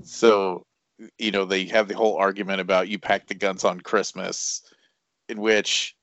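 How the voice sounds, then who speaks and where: A man's voice: sits low, level tone, moderate pace, fairly bright tone, no room sound. A man chatting through a casual movie commentary, swearing freely and laughing at the film. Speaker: podcast co-host. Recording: dull lo-fi dry recording.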